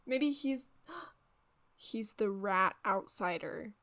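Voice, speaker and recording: A woman's voice: mid-range voice, lively intonation, very slow, fairly bright tone. A woman co-hosting a casual chat podcast, playful and giggly, with dry asides. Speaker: podcast co-host.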